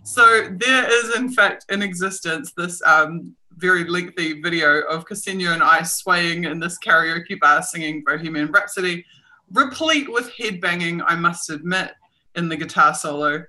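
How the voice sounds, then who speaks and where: At home, a New Zealand woman hosts a casual livestream chat, laughing often and poking fun at herself. Her voice is lowish and sharp at a moderate pace, and the recording quality is low.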